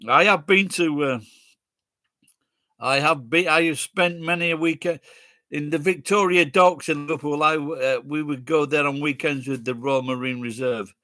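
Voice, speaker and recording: A man's voice: fairly high pitch, moderate pace, bright, forceful tone, no room sound, clean studio sound. A man in his sixties with a Sheffield accent, hosting a livestream in casual chat, bluntly answering viewers' questions and swearing freely. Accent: Sheffield English. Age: 60s. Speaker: livestream host reading viewer comments.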